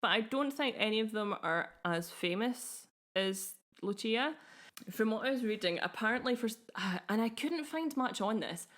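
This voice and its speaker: A woman's voice: medium pitch, fairly bright tone. A young woman co-hosting a podcast, talking in an easy, enthusiastic way and laughing often. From Scotland. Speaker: podcast co-host. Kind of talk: casual podcast chat.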